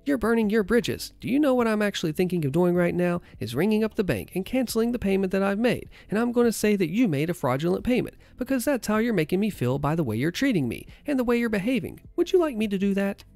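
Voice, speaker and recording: Man doing an accusing, high-pitched angry mom for a story reading, gravelly. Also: big pitch swings, fast talker, few pauses, darkish tone, dry recording, full character voice. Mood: indignant. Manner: indignant, accusing, repeats herself. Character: shrill angry middle-aged mother, accusing.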